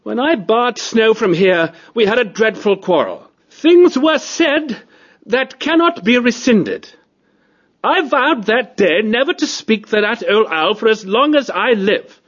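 A man narrating a storybook and voicing a cultured, disdainful male cat aristocrat with a high, reedy tenor voice. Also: expressive, a little slow, a bit bright, dull audio, full character voice. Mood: weary. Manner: fussy, disdainful, plummy.

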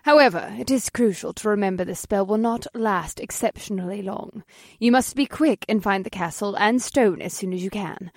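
A woman voicing a calm, kindly woman witch headmistress with a slightly husky voice. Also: medium pitch, normal speed, no room sound, studio quality, lightly acted. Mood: firm.

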